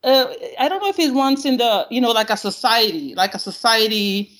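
A woman calling in from Honduras, excitable and rambling, laughing often and acting out conversations. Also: on the high side, fairly quick. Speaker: caller. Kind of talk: casual call-in conversation.

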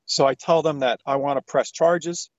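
A man in his thirties calling in to a talk show, retelling a story with animated, acted-out quotes. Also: a little high, normal speed, no echo. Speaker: caller. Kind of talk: phone-in storytelling. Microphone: phone call. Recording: dull lo-fi phone-in audio, dry.

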